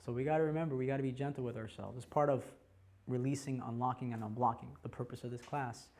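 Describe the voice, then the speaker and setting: A man in his forties teaching a class by telling his own story, animated and laughing often. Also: medium pitch, quick pace. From United States. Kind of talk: personal storytelling talk.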